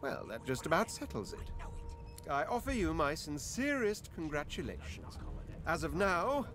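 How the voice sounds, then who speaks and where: A man's voice: on the high side, very animated, normal speed, music in the background. An actor playing a pompous, condescending male master in a video game. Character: haughty male master taking a slave.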